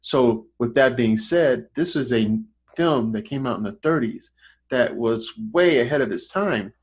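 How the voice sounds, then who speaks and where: A man who reviews films online chats casually on a podcast, rambling with many false starts, restarts, and repeated words. His medium-pitched voice is husky and expressive, and he speaks a little slowly.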